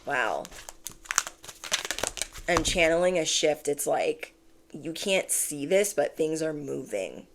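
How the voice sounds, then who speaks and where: A woman giving a channeled tarot reading, speaking with animated, drawn-out emphasis while shuffling cards. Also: deep voice, gravelly, background noise. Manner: animated, drawn-out emphatic phrases, acts out quoted reactions. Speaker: tarot reader.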